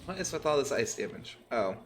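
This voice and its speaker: A man's voice: mid-range voice, very animated, a little fast, slight background noise. A man streaming a game, chatting casually, swearing and laughing often. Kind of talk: casual gaming chat.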